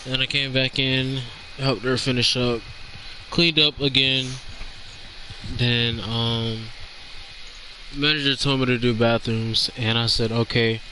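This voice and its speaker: A young man in casual chat, recounting a shift at work in a slow, drawn-out way. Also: medium pitch, level tone, sharp tone, a little hiss or hum, low-quality recording.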